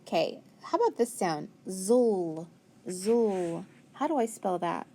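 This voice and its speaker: A woman's voice: medium pitch, big pitch swings, fairly quick, a little mellow, slight background noise. A woman teacher giving a phonics lesson to young pupils, asking questions, praising their answers and spelling words out letter by letter. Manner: patient, praising, asks questions and answers them; spells letters out one at a time.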